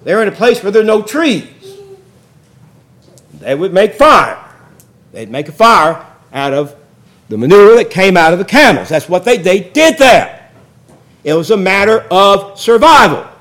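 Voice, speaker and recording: A man preaching a sermon in a folksy, joking storytelling way that builds into loud excitement. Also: high voice, unhurried, pauses often. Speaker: pastor.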